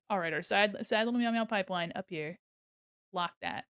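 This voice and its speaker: A woman's voice: mid-range voice, moderate pace, fairly bright tone, clean tone. A woman streaming her art, chatting casually and slipping into baby talk with her cat, on a desk mic at home. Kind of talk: casual live-stream chat. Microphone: desk mic on an arm.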